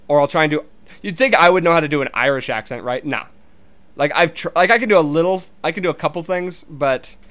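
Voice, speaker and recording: Young man, casual rambling monologue, swears a lot, stops and restarts, slightly high, smooth clear voice. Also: fairly bright tone. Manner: rambling, swears, many restarts, laughs easily.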